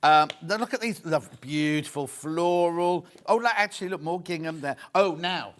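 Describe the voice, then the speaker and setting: A British man presenting on a live TV shopping channel, chatty and excitable, repeating prices and bantering with the studio crew. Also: a little high, moderate pace.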